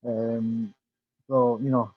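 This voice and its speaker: A man's voice: medium pitch, little pitch movement, slow pace, phone-quality sound. A man guest in a casual interview, talking with many restarts and fillers. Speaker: podcast guest.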